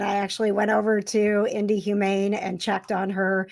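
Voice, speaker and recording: A woman hosting a casual live stream, speaking in a halting, emotional way with many fillers and restarts. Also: mid-range voice, flat delivery, creaky, no room sound. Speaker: vlogger host.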